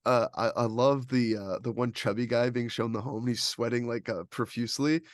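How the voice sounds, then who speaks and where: A man's voice: medium pitch, moderate pace, no echo, studio quality. A young man co-hosting a film podcast, talking casually and rambling with lots of "like". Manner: rambling, heavy use of "like", animated retellings. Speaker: podcast co-host reviewing films. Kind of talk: casual chat.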